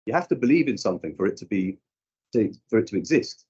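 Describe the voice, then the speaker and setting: A man from the UK gives a conference talk as a youth work trainer, telling animated stories and acting out the dialogue. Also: fairly low pitch, quick pace, slightly rough. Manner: animated storyteller who acts out dialogue. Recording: dull lo-fi recording.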